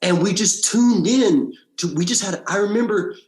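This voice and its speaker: A man from Alabama, a podcast guest, recounting his past in animated casual storytelling, often restarting his sentences. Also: moderate pace. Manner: animated storyteller, frequent restarts and big pitch swings. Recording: echoey room.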